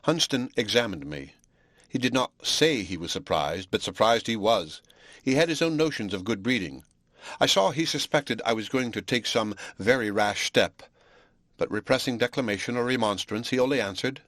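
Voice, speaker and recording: Audiobook: male narrator, somewhat low voice, measured reading, bone-dry close recording. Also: animated, fairly bright tone, dry recording. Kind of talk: scripted narration.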